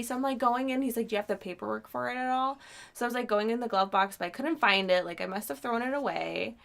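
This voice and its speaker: A woman's voice: a little high, fast, creaky. A woman in her thirties co-hosting a podcast, telling a story in casual chat and acting out the voices of the people in it. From Georgia. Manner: animated storyteller, acts out quoted voices. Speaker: podcast co-host.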